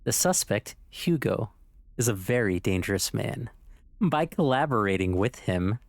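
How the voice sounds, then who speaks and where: A man's voice: lowish voice, expressive, a little slow, no echo. A man voicing a stern, cold woman who curtly accuses her neighbor, in a horror game playthrough. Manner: curt, accusing.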